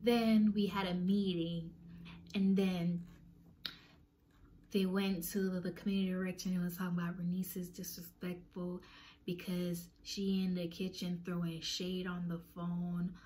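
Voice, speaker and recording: A young woman casually telling a storytime, talking animatedly and swinging her pitch as she acts out what people said. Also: level tone, a little slow, mellow, a little hiss or hum. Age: young adult.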